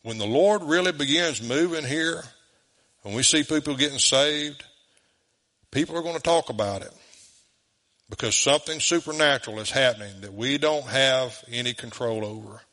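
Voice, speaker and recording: A man's voice: mid-range voice, normal speed, sharp tone. A man preaching a sermon in a folksy, conversational way, chuckling often. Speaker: pastor.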